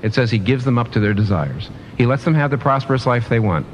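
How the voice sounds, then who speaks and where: A man's voice: medium pitch, animated, fast, a little hiss or hum. A man preaching a sermon in an earnest way, often restarting and repeating phrases for emphasis.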